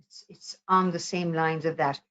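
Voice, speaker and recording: Calm low-voiced woman teaching mindfulness. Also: unhurried, a little hiss or hum, rough recording. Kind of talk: guided mindfulness talk.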